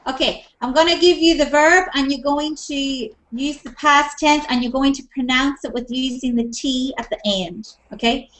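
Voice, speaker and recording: A woman's voice: high voice, moderate pace, hardly any pauses, a bit bright. A woman teaching English in an online class over a video call, encouraging and repeating her praise often.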